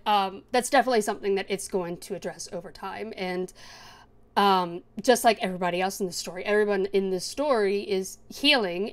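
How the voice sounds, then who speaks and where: A young woman co-hosting a podcast, chatting casually and enthusiastically about anime and laughing often. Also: medium pitch. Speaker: podcast co-host. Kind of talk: casual anime review chat.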